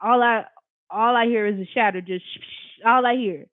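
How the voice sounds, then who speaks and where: A person from Long Beach, California telling a personal story to camera in an animated, emphatic, slangy and profane way, talking straight to viewers. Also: mid-range voice, moderate pace, no room sound. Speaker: storyteller recounting a personal experience. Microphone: camera facing the speaker. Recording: dry, tinny phone-like sound.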